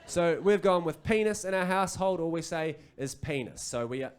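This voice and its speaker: A man in his thirties with a New Zealand accent doing an animated stand-up set on a comedy club stage, acting out his kids and himself. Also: a little high, brisk. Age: 30s. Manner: animated, acts out kids and parents.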